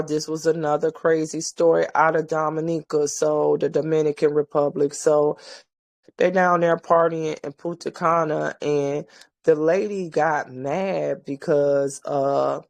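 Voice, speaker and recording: A woman's voice: low voice, vocal fry. A woman host giving blunt, profane commentary, ranting with exasperation to her listeners.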